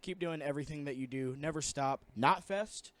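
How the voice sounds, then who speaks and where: A man's voice: fairly high pitch, moderate pace, fairly bright tone. A young man co-hosting a podcast in casual chat. He sounds laid-back and rambling and is fond of jokes. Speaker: podcast co-host.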